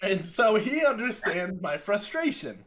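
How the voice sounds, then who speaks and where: A young man telling a story in a casual, animated and exasperated way, swearing often. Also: sits high, unhurried, a little hiss or hum. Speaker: podcast co-host telling a story.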